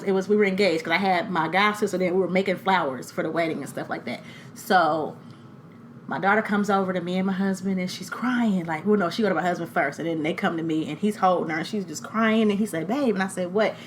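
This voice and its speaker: A woman, co-hosting a casual chat podcast, telling loud, animated stories with blunt profanity. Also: lowish voice, slight background noise. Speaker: podcast co-host.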